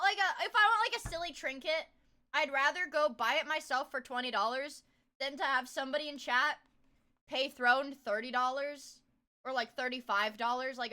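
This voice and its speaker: A young woman streamer chatting casually with her viewers, rambling and swearing, breaking into loud laughter. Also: high-pitched, a little fast. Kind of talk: casual livestream chat.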